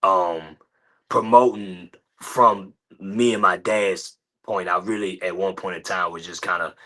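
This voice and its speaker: Low, bright-voiced young man, halting. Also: fairly even intonation. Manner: laid-back, halting with many fillers. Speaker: guest, son of a late rapper. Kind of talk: casual interview talk.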